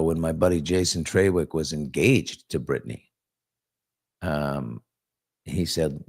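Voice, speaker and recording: Hosting a relaxed live morning chat, this man reads viewer comments aloud and wanders through stories full of fillers and restarts. His voice sits low with a darkish tone.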